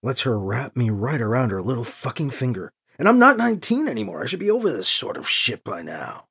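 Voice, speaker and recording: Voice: medium pitch, big pitch swings, brisk, gravelly, a bit bright, breathy edge, pitched below the performer's own voice, full character voice. A narrator voicing a weary male priest who talks in a wry, muttering, self-deprecating way.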